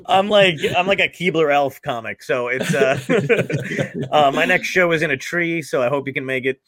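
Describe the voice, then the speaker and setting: A man's voice: fairly high pitch, moderate pace, a bit bright. A man hosting a podcast, telling rambling funny stories in casual chat, laughing often and swearing freely. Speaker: podcast host.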